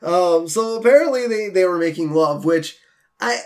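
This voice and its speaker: A man with a notably high voice co-hosts a casual podcast, recapping a cartoon episode with animated energy. He trails off into fillers and restarts, then jumps into quoted lines. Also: moderate pace. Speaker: podcast co-host.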